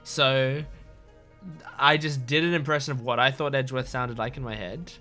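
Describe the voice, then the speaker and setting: A young man talks casually over a video game he is playing, rambling and circling back with lots of "like"s. His voice is bright and forward at an ordinary pitch. Soft game music runs faintly underneath. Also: steady tone, moderate pace. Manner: chatty, rambling, many "like"s. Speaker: let's play host. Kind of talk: casual game commentary and reading dialogue aloud.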